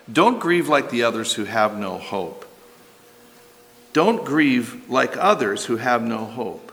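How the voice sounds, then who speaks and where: A man's voice: fairly high pitch, bright, forceful tone, in a large hall. A man preaching a sermon as pastor, earnest, with rhetorical questions and emphatic repetition.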